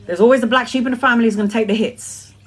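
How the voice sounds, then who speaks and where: A woman's voice: fairly high pitch, rapid-fire, husky. A woman giving a casual spiritual monologue, blunt, emphatic and full of swearing. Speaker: tarot reader.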